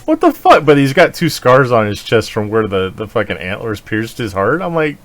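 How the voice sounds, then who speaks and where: Animated deep-voiced man ranting profanely. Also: normal speed. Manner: profane, animated, laughing rants. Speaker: podcast co-host. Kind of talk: casual chat.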